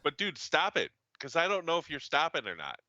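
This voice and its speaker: A man's voice: on the high side, wildly swooping pitch, brisk, bright, forceful tone, no echo, lo-fi sound. A man co-hosting a podcast, ranting in casual chat with heavy swearing. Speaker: podcast co-host.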